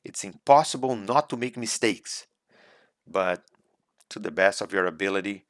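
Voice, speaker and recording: A man teaching an English speaking exam in a recorded slideshow lecture, deliberate and coaching, repeating key points. English is not his first language. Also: fairly low pitch, no echo, studio quality.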